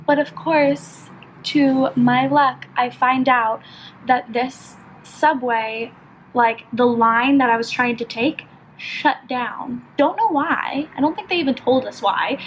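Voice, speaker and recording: A young woman from California vlogging as she does her makeup at home. She tells a story in a chatty, animated way, full of "like". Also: high-pitched, slow, muffled recording, slight background noise. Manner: chatty, filler-heavy, animated retelling with lots of "like". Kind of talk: casual get-ready-with-me storytelling.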